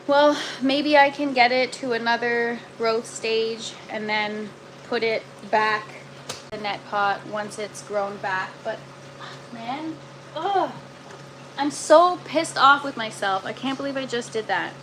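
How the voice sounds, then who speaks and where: A woman livestreaming from her indoor grow tent talks casually to viewers, sounding exasperated and groaning. Her voice is on the high side and slow, and the audio is poor, with a steady hum of noise behind her.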